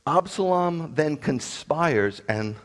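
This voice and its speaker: A man's voice: on the high side, animated, slow. A man who is a rabbi, preaching a sermon in a blunt, combative way with sarcastic asides.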